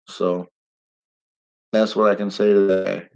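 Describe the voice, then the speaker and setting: A middle-aged man with an ordinary middle-pitched voice rambles bluntly and animatedly in a casual live-stream monologue, quickly getting heated and letting curses slip. The audio is dull and lo-fi, like cheap streaming sound.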